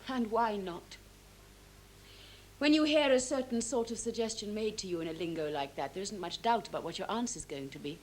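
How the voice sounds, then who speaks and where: A woman's voice: medium pitch, normal speed, darkish tone, slight background noise, close to an everyday voice. An actress playing a bitter, sarcastic young woman in a 1970s televised stage drama. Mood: mocking. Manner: sarcastic and defiant.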